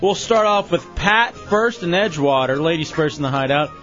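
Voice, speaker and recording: Man, radio host, casual banter, fairly high voice, faint music behind. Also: highs cut off. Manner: animated, laughing, quick to tease.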